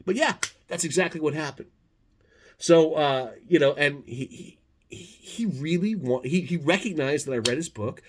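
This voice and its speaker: A man telling a casual, animated anecdote to the camera, full of swearing and restarts. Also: fairly high pitch, normal speed, slight background noise. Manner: profane, animated, self-interrupting. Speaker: storyteller, former podcast host.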